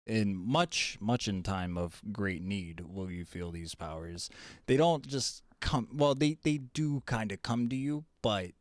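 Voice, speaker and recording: A kindly old-world mage father, as a man puts him on, talking to his son with fond, teasing affection. His voice sits somewhat low, and the sound is close and dry. It is a tabletop role-play voice, a little heightened from everyday speech. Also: a little slow, no echo, lightly acted. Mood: affectionate. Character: kindly middle-aged father, respected male mage.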